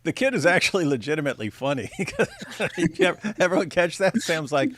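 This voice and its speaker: A man's voice: fairly high pitch, very animated, fairly quick, fairly bright tone. A man co-hosting a casual commentary show, mocking the clips he discusses with sarcasm and frequent laughter. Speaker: show co-host.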